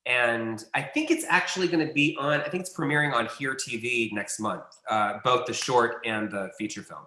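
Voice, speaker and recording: A man's voice: medium pitch, normal speed, bright, forceful tone, echoey room. A man, a casting director guest, telling a long anecdote in a rambling, self-correcting way.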